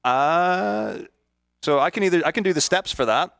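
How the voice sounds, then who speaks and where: A man's voice: on the high side, expressive, normal speed, vocal fry, a bit bright, smooth, no echo, clean studio sound. A man teasing and explaining route notes as a commentator on a live speedrun stream. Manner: playful, laughing, teasing. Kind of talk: casual live-stream banter. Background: game music.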